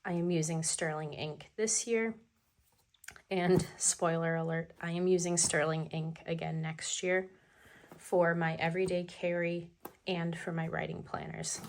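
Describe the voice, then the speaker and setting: A woman with a lowish voice talks unhurriedly through a planner unboxing, chatty and eager over the stationery. A faint hiss sits under her voice. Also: flat delivery, measured pace. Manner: chatty, enthusiastic about stationery. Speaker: planner vlogger. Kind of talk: casual unboxing vlog.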